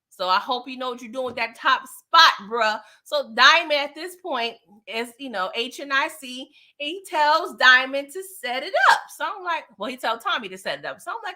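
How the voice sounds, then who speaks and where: Her voice high-pitched, expressive and pushed bright, a TV recap vlogger talks at a normal speed straight to her viewers. She goes over episodes in a casual, chatty way, full of slang.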